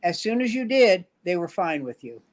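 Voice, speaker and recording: His voice is high and sing-song, moving at a normal speed, as this older New Yorker recounts wandering, wry tales. He's a veteran standup comic appearing as a guest in a loose, chatty exchange.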